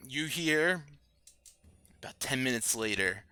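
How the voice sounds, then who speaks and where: A man running a tabletop game as dungeon master, narrating in an unhurried, lively way. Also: mid-range voice. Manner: unhurried and lively, with fillers and restarts while he narrates.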